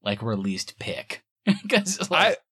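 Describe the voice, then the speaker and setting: A man hosting a podcast in casual chat, animated and quick to laugh. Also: medium pitch, husky, no echo, clean studio sound. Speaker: podcast host.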